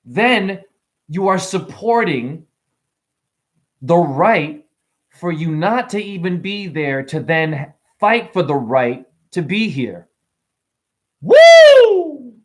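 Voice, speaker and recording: A spiritual vlogger with a high voice that jumps all over its range rants to camera in a rambling spiritual monologue. Animated and preachy, he jokes, swears casually and keeps exclaiming.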